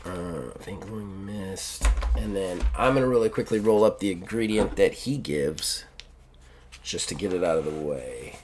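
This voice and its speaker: A man's voice: deep voice, a little slow, noisy background. A man narrating his turn in a tabletop game, describing a scene loosely with many fillers and restarts. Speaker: player. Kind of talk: actual play of a journaling tabletop game.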